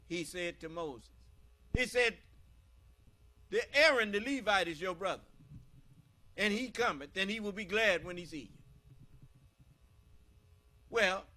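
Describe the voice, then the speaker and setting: A high, bright-voiced American man preaches on scripture with an emphatic, questioning delivery. His pitch swings widely as he drives each point home, and he speaks slowly, leaning on his words. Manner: emphatic, asks the listeners questions. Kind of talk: scripture teaching sermon.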